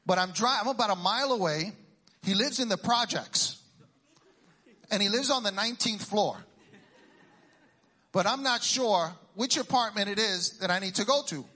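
A middle-aged man from Puerto Rico doing a stand-up routine, teasing the crowd with quick questions and Spanish exclamations. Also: sits high, pushed and bright. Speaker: stand-up comedian.

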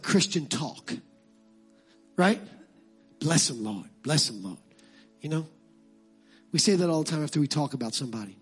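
Pastor guy preaching, husky high voice, gets shouty then chatty. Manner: builds to impassioned shouting, then drops to conversational asides. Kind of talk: sermon.

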